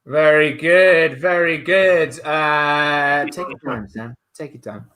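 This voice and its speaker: A man's voice: fairly high pitch, slow pace, pushed and bright. A man improvising comedy, quizzing and prodding his scene partner with frequent laughter.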